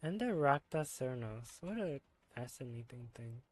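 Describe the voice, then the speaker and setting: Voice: medium pitch, animated, a little slow, no room sound. A streamer chatting casually while gaming, thinking aloud with fillers.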